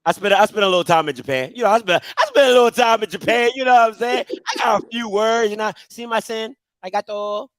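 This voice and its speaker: A man's voice: high voice, fast, hardly any pauses. A man hosting a casual sports chat, loose and conversational, often repeating himself. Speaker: host.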